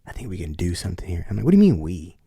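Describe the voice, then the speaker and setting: A man's voice: low-pitched, wildly swooping pitch, racing, warm tone, slightly rough, dry recording. A man, a podcast guest, telling a story in a loose, slangy way and acting out the voices of the people in it. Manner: acts out voices in his stories, loose and slangy. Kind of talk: animated storytelling.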